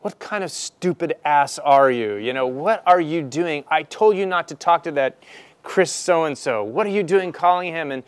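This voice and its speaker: A man's voice: a little high, normal speed, smooth, no room sound, pitched above the performer's own voice, close to an everyday voice. A man voicing a furious male executive who berates a young man with mocking questions. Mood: berating.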